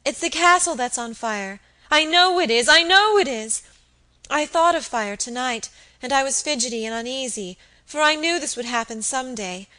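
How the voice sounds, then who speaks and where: A woman voicing a distraught young maid who pleads and sobs in a high, loud, frantic voice. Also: animated, moderate pace. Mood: panicked.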